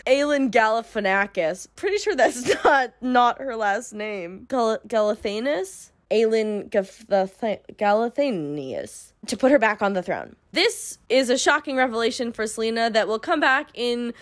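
A young woman in her twenties recapping a novel for a vlog, with wry deadpan asides and a lot of "like". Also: on the high side, normal speed, few pauses. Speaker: book review vlogger. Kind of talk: sarcastic book recap.

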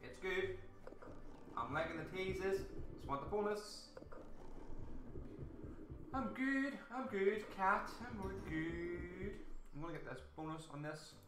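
An excitable Irish man hosting a live slots stream, chatting casually with viewers and cheering loudly at bonus rounds. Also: sits high, slow, pauses often, noisy background. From Ireland. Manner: casual chatty banter with swearing. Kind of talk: live stream chat reading out viewers' comments. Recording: roomy echo with game music behind.

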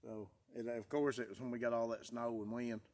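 A man vlogging outdoors in the woods, weary after a long day, rambles folksily and repeats himself. His mid-range voice is brisk and flat, with a darkish tone.

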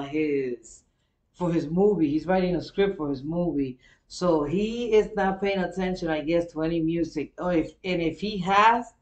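A woman's voice: on the low side, a little mellow. A woman hosts a casual reaction video. She explains things chattily, trailing into fillers and restarts. Her voice carries a roomy echo. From Caribbean.

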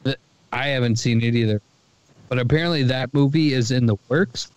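A man's voice: medium pitch, brisk, smooth, no room sound. A man co-hosting a podcast in casual chat, joking and riffing crudely. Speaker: podcast co-host.

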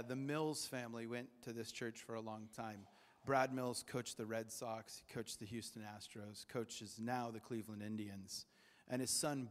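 A man's voice: mid-range voice, big-room sound. A man preaching a sermon in a church, talking conversationally and jokingly and acting out the people he quotes. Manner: conversational and jokey, acts out quoted voices. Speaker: pastor. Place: church sanctuary.

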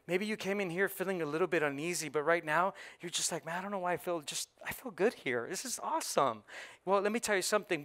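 Pastor, male, high bright voice, energetic sermon delivery with big peaks and hushed drops. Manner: energetic, rising to loud emphatic peaks then dropping low; conversational asides and audience call-and-response.

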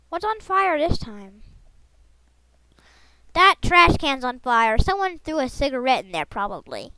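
A woman with a high, bouncing voice narrates her game in a playful, rambling way, dropping silly noises between comments. She talks at an unhurried pace, and the sound is dry and close, with no room around it. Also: sing-song, sharp tone, no room sound, rough recording. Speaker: gaming channel host. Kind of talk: gameplay commentary.

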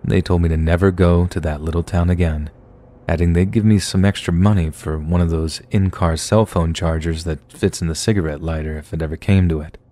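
A man with a very low, deep voice tells a true horror story in the first person. His scripted narration stays relaxed and conversational, like someone recounting events to a friend. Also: brisk.

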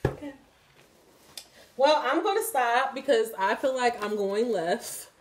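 A woman, speaking in a slightly high voice. She lectures her viewers bluntly and profanely, laughing as she goes. Her delivery keeps jumping between loud and quiet. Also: unhurried, noisy background. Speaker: tarot reader and channel host. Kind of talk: candid spoken reading to viewers.

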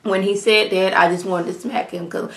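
In a casual vlog, a woman reviews a reality show, speaking animatedly right to her viewers and sometimes imitating the cast. Her mid-range voice is creaky and moves at a moderate pace, with a roomy echo in the recording.

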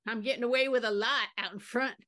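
A woman's voice: a little high, steady tone, quick pace, sharp tone. A woman improvising a flashy, shameless schemer who talks in a breezy, smug way on stage. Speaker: improv performer. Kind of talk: live improv comedy scene. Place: theater stage.

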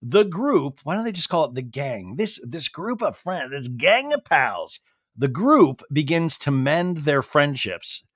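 Guy with a high voice riffing sarcastic on a tv recap podcast, dry close mic. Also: big pitch swings, measured pace, fairly bright tone, no echo. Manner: sarcastic, riffing, jumps into silly impressions. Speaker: podcast host.

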